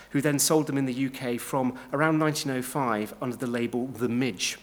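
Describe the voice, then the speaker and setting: A man lectures on history at a mid-range pitch. He speaks in a measured, explanatory way, and his sentences are often broken up by ums and small restarts. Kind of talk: illustrated history talk.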